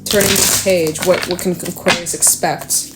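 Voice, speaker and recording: A woman's voice: lowish voice, steady tone, moderate pace, heavy background noise. A young woman giving a casual tarot reading, talking to the cards as she draws them, swearing offhandedly and laughing often. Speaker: tarot reader.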